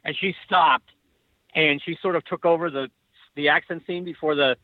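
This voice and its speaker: A male author talking as a guest in casual conversation, halting and repeating words, laughing often, heard over a dull lo-fi remote line. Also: fairly high pitch, fairly even intonation, no room sound.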